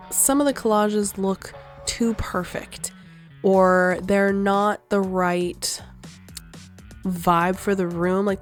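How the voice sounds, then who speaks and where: A young woman narrating her gameplay in a loose, rambling way, stopping to search for words and breaking into easy laughs. Her voice sits at an ordinary middle pitch, with faint music playing underneath. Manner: chatty, rambling, laughs often. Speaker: gaming vlogger. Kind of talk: casual voice-over commentary.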